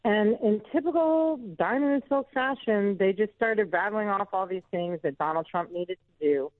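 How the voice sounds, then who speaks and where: A woman's voice: mid-range voice, normal speed, dry recording. Woman guest on a phone interview, earnest, heartfelt storyteller, tinny dry line.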